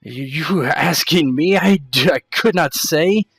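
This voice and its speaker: A man voicing a sharp, dismissive young woman servant in a tabletop role-play. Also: deep voice, measured pace, husky, no room sound, voice pushed up, heavily acted. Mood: indignant.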